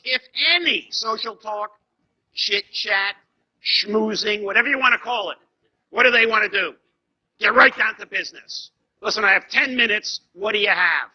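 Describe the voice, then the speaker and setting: A man lectures a live seminar audience as a corporate trainer, tossing rhetorical questions at the room. His voice sits high with a piercingly bright, forceful edge. The recording is dull and lo-fi.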